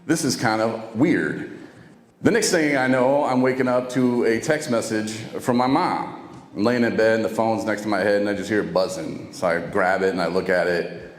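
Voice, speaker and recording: Speaking to camera at a moderate pace, a man with a fairly low voice shares his recovery story in a relaxed, conversational way, voicing the things people told him. Long reverb from an echoey room and faint music sit behind him.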